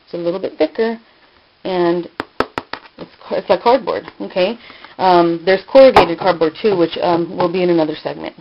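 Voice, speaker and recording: A woman's voice: fairly low pitch, moderate pace, noisy background. A woman hosting a casual hands-on crafting tutorial, talking informally with many fillers and self-corrections. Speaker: crafting channel host. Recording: dull lo-fi home video sound.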